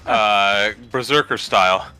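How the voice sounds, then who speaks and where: A man's voice: on the low side, takes it slowly, pushed and bright, clear, resonant tone. A man playing a tabletop game, describing his character in loose, joking chat. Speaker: player. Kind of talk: casual gaming chat.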